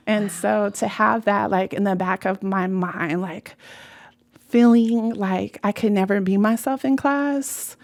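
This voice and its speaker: A woman from California, being interviewed in a studio, recounting her childhood with lively quoted voices. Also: medium pitch, measured pace. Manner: animated, lively quoting of family voices. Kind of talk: conversational interview storytelling. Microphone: studio microphone.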